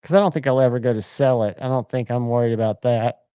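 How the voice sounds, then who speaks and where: A man with a smooth, mellow voice hosts a relaxed livestream, rambling along in an upbeat, enthusiastic way. The sound is dry and slightly muffled. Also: medium pitch, fast, dry recording. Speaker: livestream host. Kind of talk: casual chat.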